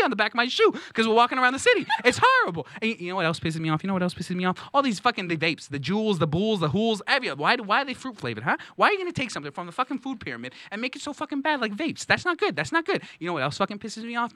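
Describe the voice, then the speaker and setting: A man playing a ranting, foul-mouthed angry young man in a shouty stand-up rant. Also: sits high, dry recording, pitched above the performer's own voice, exaggerated voice. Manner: shouty, profane rant with repeated catchphrases. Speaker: comedy guest character.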